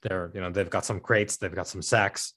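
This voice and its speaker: Acting as game master for a tabletop role-playing game, a man narrates haltingly, with many fillers and restarts. His voice sits low, a bit bright, with fairly even intonation.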